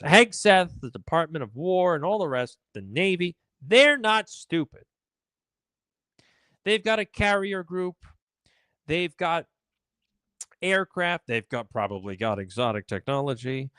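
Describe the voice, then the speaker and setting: A man's voice: on the high side, big pitch swings, unhurried, a bit bright, no echo. Sarcastic, ranting male commentary host. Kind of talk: solo live-stream commentary.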